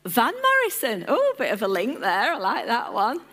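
Woman preacher, high-ish voice, chatty, banters with the congregation, informal sermon. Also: big pitch swings, fairly quick, fairly bright tone. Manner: chatty, jokes and questions the congregation. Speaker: church lead team member preaching. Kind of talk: informal sermon with audience interaction. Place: church service.

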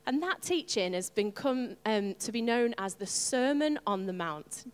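Lively woman preaching in a hall. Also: on the high side, a little slow, clean tone. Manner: animated, playful asides to the congregation. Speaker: pastor. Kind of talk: sermon.

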